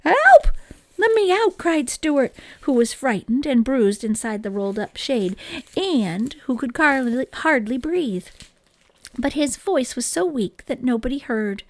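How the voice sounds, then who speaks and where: A woman reading a children's book aloud in an expressive, gentle storytelling manner, close to the microphone. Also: fairly high pitch, dry recording.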